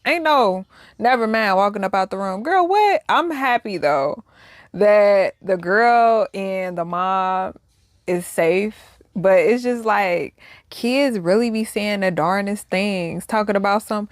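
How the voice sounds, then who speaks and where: A young adult woman giving casual reaction commentary, animated and slangy, swinging between soft musing and loud outbursts. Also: medium pitch, unhurried, no echo, studio quality. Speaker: reaction vlogger.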